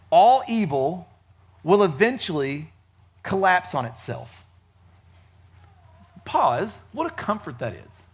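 Guy preaching a laid-back sermon at church, kinda high voice, jokey, lots of uh's, gets loud then quiet. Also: husky. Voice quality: chatty and joking, with frequent fillers and lively swings in loudness. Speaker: pastor. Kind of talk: casual joking sermon. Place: church service.

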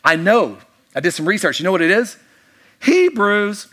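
A male pastor delivering a sermon in a lively storytelling manner, dropping jokes and acting out the quoted lines. His voice sits a bit higher than most men's. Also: moderate pace, noisy background.

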